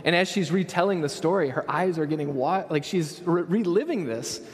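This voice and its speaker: A man's voice: on the high side, animated, fairly quick. Preacher man in a reverberant church hall. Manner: storytelling, often asks the audience "right?". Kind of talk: conversational sermon.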